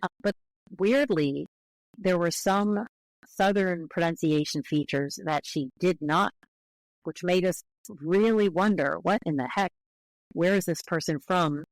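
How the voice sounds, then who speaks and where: A woman's voice: on the low side, measured pace, dry recording, poor audio. A woman guest on an interview, speaking as a linguist in a careful, explanatory way with frequent restarts.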